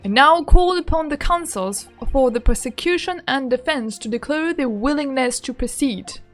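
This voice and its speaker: A woman reading the lines of a formal, solemn male judge from a game in a measured way. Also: high-pitched, lively intonation, faint music behind. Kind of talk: reading game dialogue aloud.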